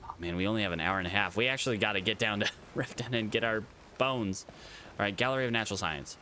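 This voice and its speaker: Male streamer, lowish bright voice, chatty gameplay commentary, faint background hum. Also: fast talker. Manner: chatty, talks to game creatures and chat.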